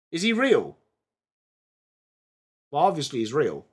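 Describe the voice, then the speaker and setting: English male streamer, young, slow and chatty, bright and forceful tone, self-deprecating. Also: fairly high pitch, animated. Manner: chatty, self-mocking, reads aloud to chat. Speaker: livestream host. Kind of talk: live watchalong chat.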